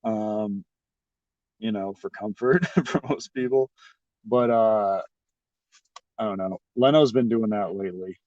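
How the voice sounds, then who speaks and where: Low-voiced man rambling profanely to chat. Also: slow pace, pauses often, a little mellow, dry recording. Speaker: livestreamer. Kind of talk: casual livestream chat. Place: at a restaurant. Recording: dry, slightly dull audio.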